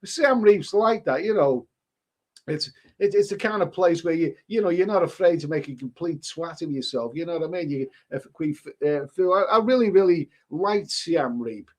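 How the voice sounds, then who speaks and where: A man's voice: a little high, animated, moderate pace. An older man from Liverpool with a Scouse accent, chatting casually on a live stream, rambling with frequent restarts and calling viewers "mate". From Liverpool, England. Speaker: travel vlogger hosting a live stream.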